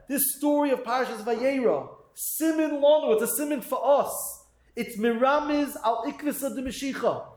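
A very high-voiced man delivers a sermon-style Torah talk. He reads Hebrew phrases slowly, then rushes through the English translation. The echoey room gives his voice a roomy ring. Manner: acts out doubters' voices in quotes. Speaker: rabbi giving a Torah talk.

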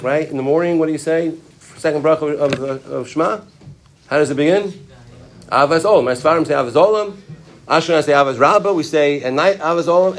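A man with a somewhat high voice teaches a Torah lecture. He talks conversationally, throws questions out to his listeners and often restarts his sentences with "you know" along the way. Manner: conversational, asks the audience questions. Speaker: rabbi teaching a Torah class.

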